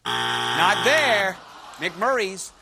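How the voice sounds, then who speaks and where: A man's voice: high-pitched, very animated, extremely slow, creaky. A man hosting a game show, joking and teasing contestants. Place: television studio with audience. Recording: loud studio audience and noise.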